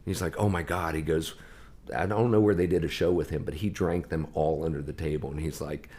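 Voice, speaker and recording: A man's voice: a bass voice, steady tone, fairly quick, warm tone. A male musician guest telling anecdotes in a conversational interview and acting out the voices of people he quotes. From Ohio.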